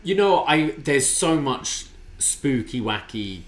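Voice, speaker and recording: A man's voice: mid-range voice, sing-song, slow. A man co-hosting a casual wrestling review podcast, talking with enthusiasm and often restarting his sentences. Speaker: podcast co-host.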